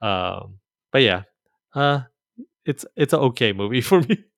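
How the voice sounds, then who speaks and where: A man co-hosting a relaxed podcast at an ordinary mid pitch. He searches for his words, restarting phrases and leaning on "like." The recording is close and dry. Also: vocal fry, no echo. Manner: halting, restarts and "like" fillers. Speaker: podcast co-host. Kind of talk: casual chat.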